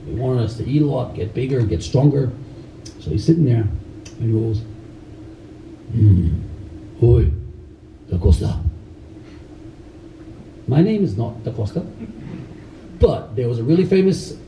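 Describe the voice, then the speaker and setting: A middle-aged man with a very dark, mellow voice tells lively stories to a crowd. He laughs often and acts out the people in his stories. The sound is echoey and a little distant from the mic, with faint noise behind him. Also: mid-range voice. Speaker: karate instructor telling stories at a camp. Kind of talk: storytelling to a live audience. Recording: echoey room, voice far from mic.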